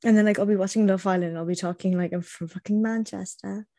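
A woman's voice: medium pitch, steady tone, fast, warm tone, no echo, clean studio sound. A woman in casual chat with fellow tabletop game players, hesitant and full of fillers. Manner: hesitant, many "like" fillers and restarts.

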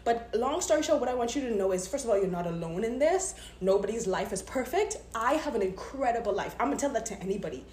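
A woman's voice: animated, fast talker, hardly any pauses, darkish tone, reverberant, a little hiss or hum. Candid woman sharing a devotional talk. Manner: candid, emotional storytelling, breaks into higher pitch when retelling prayers. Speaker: faith podcaster. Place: at home, just came in the door. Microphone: phone.

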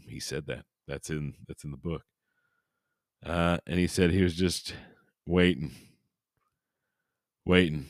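A man with a low voice hosts a paranormal podcast, retelling a strange story in a goofy, irreverent way. He rambles into jokes and asides. The sound is dry and close to the mic. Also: fairly even intonation, slow, long pauses, no room sound. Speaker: podcast host.

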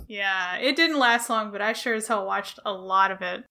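A woman's voice: medium pitch, normal speed, pushed and bright. A woman co-hosting a podcast, joking crudely and playfully in casual chat. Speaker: podcast co-host.

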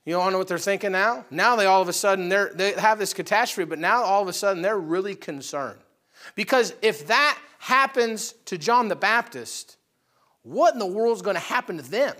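A man with a high, bright, ringing voice preaches a sermon. He talks straight to the congregation in a casual, conversational way, rising to loud, animated bursts and dropping to quiet asides. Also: normal speed. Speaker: pastor.

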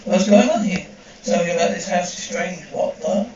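Man, high voice, reads sound cues too, distant mic, dull noisy sound. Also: normal speed, darkish tone, very echoey. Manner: reads sound cues aloud between lines.

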